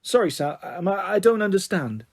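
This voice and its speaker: A man's voice: high-pitched, animated, normal speed, creaky, slightly rough, voice pushed up, exaggerated voice. A man voicing a middle-aged father in a storybook reading, flustered and stammering apologies.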